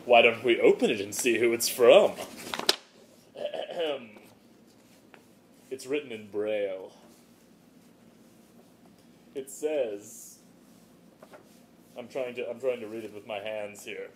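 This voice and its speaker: A man hosting a comedy vlog, stammering and tripping over restarts in a mock-excited way. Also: medium pitch, slow pace, long pauses, a little hiss or hum. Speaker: blog host.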